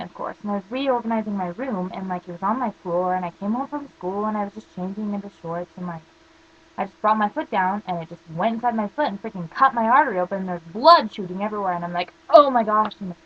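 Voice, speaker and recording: A woman's voice: mid-range voice, muffled recording, a little hiss or hum. A teenage girl ranting casually to camera, rambling through stories full of "like" fillers. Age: teens. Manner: rambling storytelling, constant "like" fillers. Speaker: vlogger.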